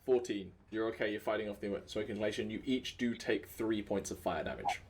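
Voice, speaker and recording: Relaxed male game master narrating. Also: fairly low pitch, fairly quick, husky. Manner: relaxed, chuckling narration with fillers.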